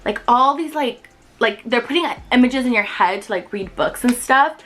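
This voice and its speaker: A woman in her twenties chatting excitedly to camera about books she loves, with lots of fillers. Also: fairly high pitch, moderate pace, soft background music, poor audio. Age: 20s. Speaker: book vlogger. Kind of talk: casual chat to camera.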